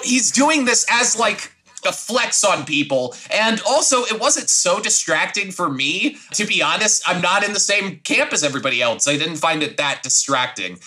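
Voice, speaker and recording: Man, podcast panelist, nerdy and excitable, sharp bright tone. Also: high-pitched. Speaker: podcast co-host. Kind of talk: casual podcast discussion.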